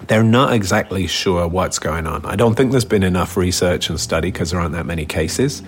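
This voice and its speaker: Low-voiced man chuckling through podcast facts. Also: a little fast, husky. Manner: chuckling, explains facts in a relaxed way. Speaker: podcast co-host. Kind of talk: casual chat.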